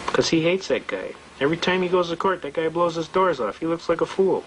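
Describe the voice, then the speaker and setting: A man telling a court story in a fast, folksy way, acting out the dialogue. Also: on the high side, animated, noisy background. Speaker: speaker recounting a traffic court case. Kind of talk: storytelling talk.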